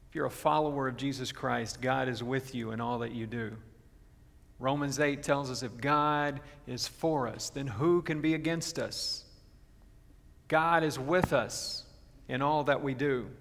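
A man preaching a sermon as pastor, earnest and slowing down to stress his key points. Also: mid-range voice, vocal fry, fairly bright tone. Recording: long reverb of a large hall.

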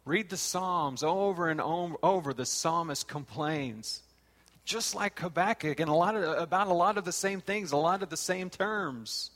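A man's voice: fairly high pitch, measured pace, fairly bright tone. A man preaching a sermon and reading scripture aloud, his voice rising and falling. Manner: rises and falls, reads scripture aloud. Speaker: pastor. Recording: long hall reverb.

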